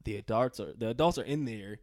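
A man's voice: fairly low pitch, brisk. A young man casually telling a story, acting it out with sound effects and voices, swearing freely. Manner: animated, acts out scenes with sound effects and quoted voices; profane, slangy.

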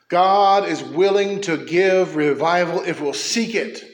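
Impassioned male pastor in an echoey church. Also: high voice. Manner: impassioned, swinging from quick asides to slow emphatic declarations. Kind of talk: sermon.

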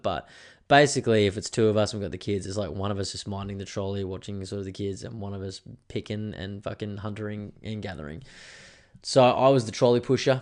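An Australian man in his thirties talks through his weekend on a solo podcast. His voice sits a little low, and he rambles in a relaxed way, swearing freely. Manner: sweary, laid-back storytelling. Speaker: podcast host. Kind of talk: casual solo podcast chat.

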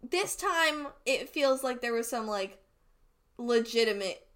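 A young woman co-hosting a casual chat, excitable and full of fillers and swearing. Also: fairly high pitch, slow pace. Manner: excitable, swearing, many fillers, squeals when upset. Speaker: podcast co-host. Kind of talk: casual chat reacting to a webcomic.

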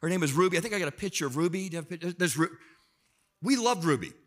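A middle-aged man preaching a sermon, telling personal stories in a lively way and acting out his family. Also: on the high side, very fast. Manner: animated storyteller, acts out family members in raised voice. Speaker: pastor.

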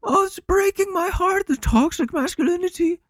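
A man putting on a whiny, weepy grown man, sobbing in a high mocking falsetto. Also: normal speed, fairly bright tone, no echo. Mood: mock weeping.

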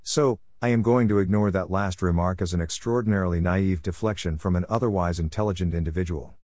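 Guy reading a story doing a stuffy lecturing angel of death, pompous and proper, fairly low voice, dry close sound. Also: a little fast, a little mellow, no echo, close to an everyday voice. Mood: stern. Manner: stiff, correct, lecturing.

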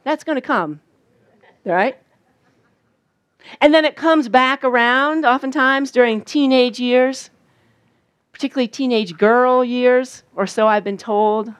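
A woman's voice: sits high, measured pace, long pauses, clear, resonant tone, dry recording. Older woman preaching, dry outdoor sound. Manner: storytelling with sung and quoted voices, animated. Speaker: speaker at a church camp. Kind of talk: sermon. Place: outdoor camp gathering.

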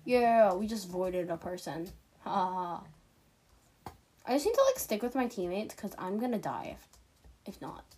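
A teenage girl talks her way through a video game in a loose, chatty stream of commentary. Her voice has a soft, breathy, slightly husky edge. She giggles often and pokes fun at her own mistakes. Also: mid-range voice, very animated, measured pace, pauses often. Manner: chatty, giggly, self-mocking. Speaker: gaming streamer. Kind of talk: casual gameplay commentary.

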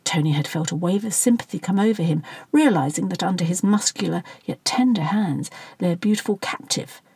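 A woman's voice: a little fast, breathy edge, no room sound. A woman reading a satirical story aloud as narrator, lifting her voice for the dialogue. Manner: reads dialogue with lively pitch, plain narration between. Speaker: audiobook narrator. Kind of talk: scripted narration.

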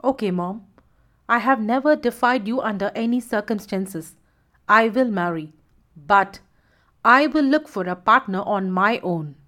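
A woman's voice: mid-range voice, expressive, measured pace, a bit bright. A woman voicing a proud, headstrong young male lion who speaks in a self-assured, stubborn way.

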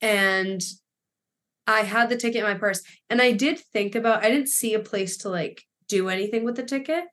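Young woman telling a story, animated. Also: mid-range voice, normal speed. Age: young adult. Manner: animated storytelling, laughing and swearing. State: emotional. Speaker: podcast co-host. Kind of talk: casual chat.

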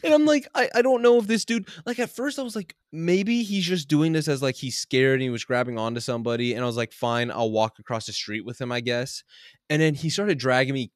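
A young man co-hosting a casual chat, telling a story in an animated way, swearing freely and laughing often. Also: mid-range voice, a little fast, no room sound, clean studio sound.

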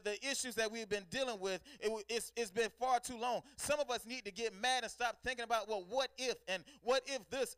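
Fervent high-voiced male preacher. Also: fairly bright tone, clear, resonant tone, dry recording, studio quality. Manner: fervent, repetitive call-and-response preaching. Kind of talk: sermon.

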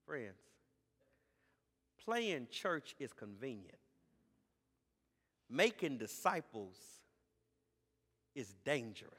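A man preaching a sermon as a pastor, building from calm teaching to shouted, drawn-out emphasis on key words. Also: mid-range voice, slightly rough. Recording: live sermon in a reverberant hall.

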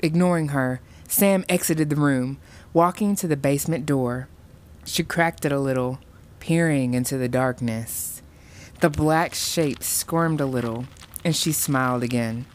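Slow, low-voiced woman narrator. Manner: measured, reading a dark story aloud. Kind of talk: scripted storytelling narration.

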